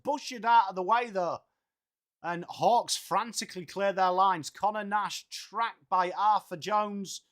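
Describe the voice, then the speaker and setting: A man's voice: high voice, fairly bright tone. A man with an English accent hosting a live football watchalong, calling the play casually and chatting with viewers. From England. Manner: chatty, reads viewer comments aloud, swears casually. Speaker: live stream host commentating football.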